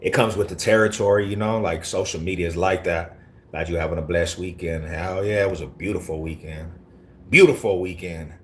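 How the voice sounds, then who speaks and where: A man's voice: low voice, steady tone, a little fast. Brash slangy man on a livestream. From Colorado. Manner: brash, confrontational, heavy street slang. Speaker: livestreamer reading chat. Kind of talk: casual live-stream talk.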